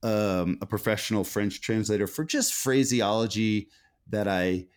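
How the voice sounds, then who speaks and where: American man, thoughtful, low voice. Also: fairly even intonation, unhurried. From United States. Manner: thoughtful, many restarts and self-corrections. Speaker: author guest. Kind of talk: conversational interview.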